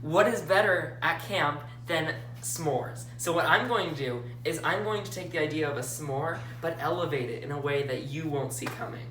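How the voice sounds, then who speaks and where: A woman's voice: low-pitched, moderate pace, few pauses, fairly bright tone, slight background noise. A woman as a contestant in a mock cooking show, playful and upbeat. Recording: echoey room from far off, with music.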